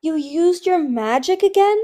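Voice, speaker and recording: A woman's voice: extremely high pitch, expressive, unhurried, warm tone, voice pushed up. A woman voicing a shy, anxious young male sea dragon who hesitates and stammers. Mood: nervous.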